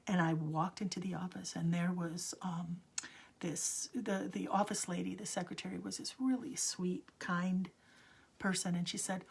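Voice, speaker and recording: A woman in her sixties telling a personal story, often sinking into a hushed whisper as she talks. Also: lowish voice, little pitch movement, moderate pace. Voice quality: husky, gravelly.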